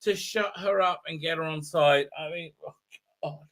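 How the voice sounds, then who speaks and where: A man's voice: on the high side, moderate pace, a bit bright. A man ranting through an episode recap, incredulous and exasperated, with lots of fillers and mocking quotes. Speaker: show host reviewing an episode.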